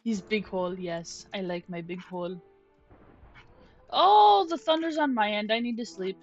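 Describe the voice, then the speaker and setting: Speaking briskly at medium pitch, a young adult woman makes casual conversation while she plays on stream. Her storytelling is chatty and rambling, full of restarts, with soft coos for her pet. Faint music sits under the dull lo-fi mic sound.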